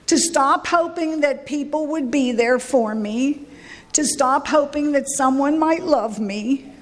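A woman telling her own recovery story at a meeting, candid and emotional, her voice swinging from high to low. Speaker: recovery speaker. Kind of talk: personal recovery share at a meeting. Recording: echoey hall with long reverb.

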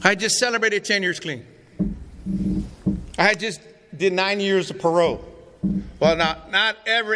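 In a reverberant meeting hall with faint room noise, a middle-aged man shares his testimony with a recovery meeting. His voice is high and sharp, his speed normal, and he leaves long pauses. He tells his story in a raw, profane, streetwise way.

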